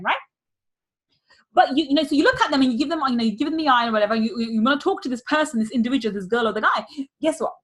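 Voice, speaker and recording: Woman, money mindset coach, high voice, energetic, repeats key phrases. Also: fast. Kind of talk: teaching a workshop.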